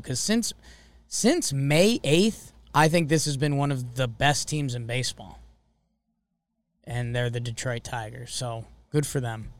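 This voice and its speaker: A man co-hosting a sports podcast in casual, excitable chat. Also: fairly high pitch, no echo. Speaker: podcast co-host.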